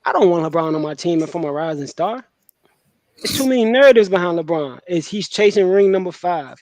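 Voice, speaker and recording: A man co-hosting a sports podcast, giving his opinions in relaxed, slangy talk. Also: high-pitched, fairly quick, no room sound.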